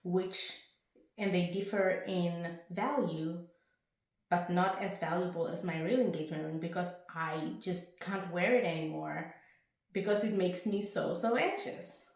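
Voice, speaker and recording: A young woman vlogging to camera in a rambling, chatty way at home, with bursts of excitement. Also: on the low side, measured pace. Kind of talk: casual chat to camera. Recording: very echoey room.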